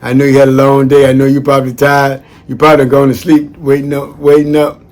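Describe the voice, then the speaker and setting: A man giving friendly shout-outs in a chatty, folksy monologue that wanders off on tangents. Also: mid-range voice, completely flat delivery, a little fast. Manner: chatty, folksy, digressive, calls listeners "man". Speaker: former social worker. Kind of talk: casual rambling monologue.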